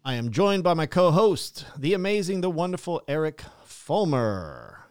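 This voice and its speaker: Animated, laughing man hosting a podcast. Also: a little high, moderate pace, clear, resonant tone. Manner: animated storyteller, laughs often, swears. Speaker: podcast host. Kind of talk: casual chat.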